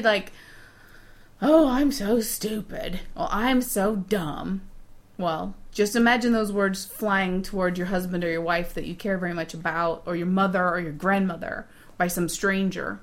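A woman co-hosting a podcast, chatting casually and giving advice, animated and quick to laugh. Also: lowish voice. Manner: chatty, laughs often, animated when making a point. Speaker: podcast co-host.

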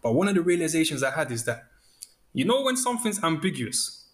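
A man's voice: on the high side, very animated, brisk. A man chatting casually, acting out his inner thoughts in quoted asides. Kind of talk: casual chat.

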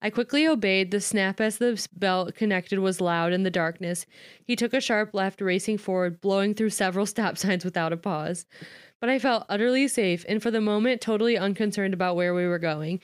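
A woman's voice: medium pitch, fairly quick, clean tone, dry recording, studio quality. Woman reading a novel aloud, chatty. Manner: reads a novel aloud, breaking off to paraphrase with lots of "like"; laughs often. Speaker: reader and commentator. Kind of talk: casual read-aloud with chat.

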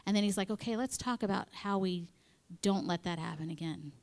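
A woman's voice: medium pitch, brisk, a little mellow. Chatty woman giving a playful sermon. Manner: chatty and playful, acting out quoted voices and dropping to whispered asides. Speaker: speaker at a women's church gathering. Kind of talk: conversational sermon. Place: in front of a live audience.

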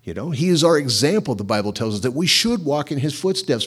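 A middle-aged pastor preaching in a lively, conversational way, asking his listeners rhetorical questions. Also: medium pitch, a little fast, few pauses, breathy edge. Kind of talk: sermon.

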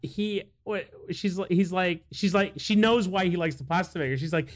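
A man's voice: sits high, moderate pace. A man co-hosting a podcast in casual chat, laughing often and acting out quotes. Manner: animated, laughing, acts out quotes. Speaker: podcast co-host.

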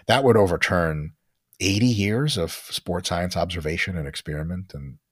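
Husky, low-voiced man explaining bluntly. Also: a bit bright, no room sound, clean studio sound. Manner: blunt, emphatic, sprinkles in profanity; explains in quick, lecturing runs. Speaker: guest expert on training science. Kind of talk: podcast interview talk.

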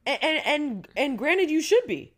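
A woman co-hosting a casual chat podcast, animated, laughing often and restarting her sentences. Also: high-pitched, unhurried. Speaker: podcast co-host.

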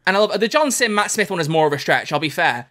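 A man co-hosting a podcast in casual chat, rambling and animated. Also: sits high. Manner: rambling, animated, quick talker. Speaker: podcast co-host.

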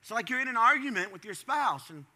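A middle-aged man preaches with a high, very bright and ringing voice. He talks to the congregation conversationally, then breaks into sudden animated bursts. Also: quick pace. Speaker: pastor. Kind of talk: sermon.

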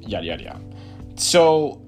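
A young man hosting his own podcast, telling a personal story in a rambling, animated, profane way with lots of fillers. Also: fairly high pitch, moderate pace, faint music behind. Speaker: podcast host. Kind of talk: casual solo storytelling.

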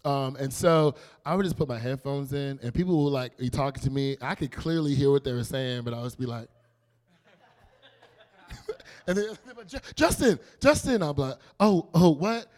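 A young man giving a casual, animated youth sermon, telling stories and acting out quotes. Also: mid-range voice, normal speed, long pauses. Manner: animated, playful storytelling with acted quotes. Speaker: youth pastor.

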